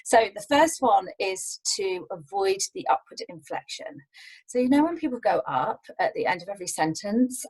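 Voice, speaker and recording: A young adult woman, a public speaking coach, giving scripted tips to camera in a measured, deliberate way with firm falling endings. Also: mid-range voice, lively intonation, a little mellow, slightly rough, rough recording.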